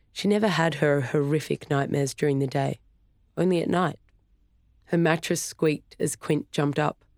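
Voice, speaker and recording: An audiobook narrator reading scripted narration in an even, clear storytelling way. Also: medium pitch, dry recording, clean studio sound.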